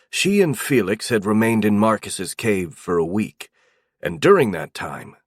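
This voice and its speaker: A male narrator reads a fantasy audiobook in a steady, even way. His voice sits fairly low, and the recording is dry and close with no room sound. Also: dry recording.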